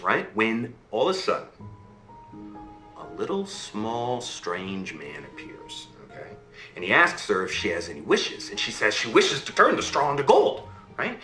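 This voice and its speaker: A man telling a fairy tale to listeners in an animated way, often checking in with them as he goes. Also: medium pitch, reverberant. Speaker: storyteller.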